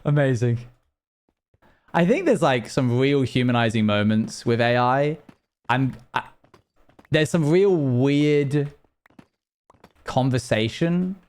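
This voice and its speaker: A man live-streaming a game, chatting loosely to his viewers and rambling from one thought to the next. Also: medium pitch. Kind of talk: casual live-stream chat while gaming.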